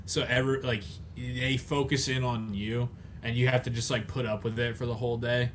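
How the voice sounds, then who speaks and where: A man's voice: medium pitch, flat delivery, normal speed, slight background noise. A man co-hosting a podcast, chatting casually and joking, with silly voices thrown in for people in his stories. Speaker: podcast co-host. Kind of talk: casual comedic chat.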